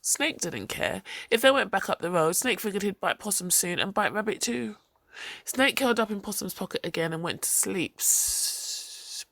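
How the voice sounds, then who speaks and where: Woman storyteller, gravelly low voice, dry close sound, rhythmic folktale telling. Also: brisk, no echo. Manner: expressive, rhythmic storytelling with repetition.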